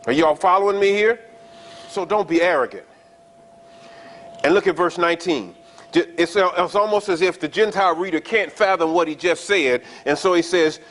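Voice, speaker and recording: A man preaching a sermon, explaining scripture in a conversational way, checking in with his listeners and slowing down to stress the verses. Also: high-pitched, a bit bright. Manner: explains scripture conversationally, often asking the congregation "right?"; reads verses slowly and stresses key words. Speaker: pastor.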